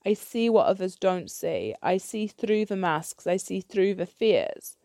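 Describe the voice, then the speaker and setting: Woman, solo podcast host, blunt swearing rant; warm tone, dry close recording. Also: mid-range voice, big pitch swings, a little slow, no echo. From United Kingdom. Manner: blunt, ranting, swears freely; repeats and restarts when heated.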